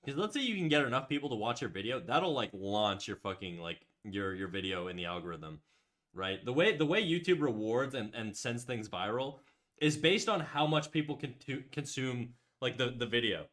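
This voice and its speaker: A man's voice: mid-range voice, expressive, moderate pace, a bit bright. A man hosting a casual livestream while drawing. He rambles and restarts, says "like" often, swears freely, and reads out and answers chat messages. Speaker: livestream host.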